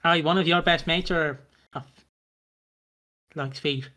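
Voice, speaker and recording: A man's voice: a little high, fairly even intonation, slow pace, pushed and bright. Guy cohosting, teasing and sweary, mock outrage, casual banter. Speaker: podcast co-host. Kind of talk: casual podcast chat.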